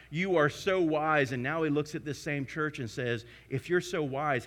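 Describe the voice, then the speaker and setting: A male pastor preaching with a high, sharp, forceful voice. He drives his points home emphatically, rising loud and then dropping to a hushed tone. The delivery is a sermon to a live congregation. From United States.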